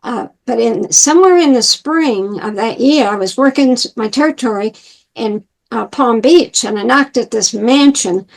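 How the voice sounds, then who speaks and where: A woman's voice: on the high side, normal speed, vocal fry, rough recording. A woman in her eighties from New York, telling her life story and acting out the voices of people she quotes. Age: 80s. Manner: animated, acts out quoted dialogue. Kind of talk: personal storytelling.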